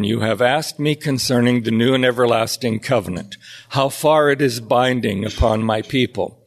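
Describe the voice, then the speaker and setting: A man reading historical journal entries and documents aloud in a measured, deliberate way, with occasional slips. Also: medium pitch. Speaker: history narrator.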